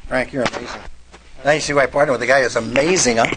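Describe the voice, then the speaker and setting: A man's voice: mid-range voice, racing, noisy background. A man giving a live real estate seminar talk, telling stories and asking the audience questions. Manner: animated storyteller, asks the room questions. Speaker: meetup speaker.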